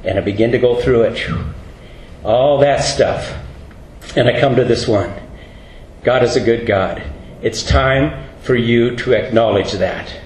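A man's voice: mid-range voice, measured pace, a little hiss or hum. A middle-aged man preaching a storytelling sermon as a pastor, folksy and earnest, acting out the voices he quotes. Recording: roomy hall with faint ambience.

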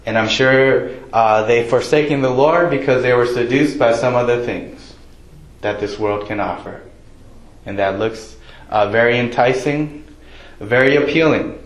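A man's voice: medium pitch, a little slow. A man preaching casually in an echoey room. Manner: casual, conversational preaching with many fillers. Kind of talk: sermon.

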